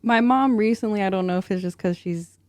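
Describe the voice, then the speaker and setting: A woman's voice: mid-range voice, a little fast, no room sound. A young woman, a mother, talking reflectively as a podcast guest in casual chat, with lots of filler words.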